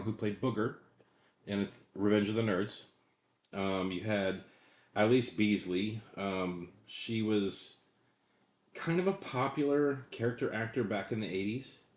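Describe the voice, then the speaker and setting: A man in his late forties talks through old films in a loose, rambling way, swearing freely. His voice sits very low, and the room around him echoes. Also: moderate pace. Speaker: co-host. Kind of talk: casual movie chat.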